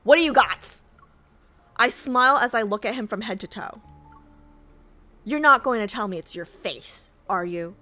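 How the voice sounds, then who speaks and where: A woman's voice: medium pitch, lively intonation, moderate pace, pushed and bright, faint music behind. A woman streaming herself reading a game story aloud. She reacts in brash, profane, indignant outbursts.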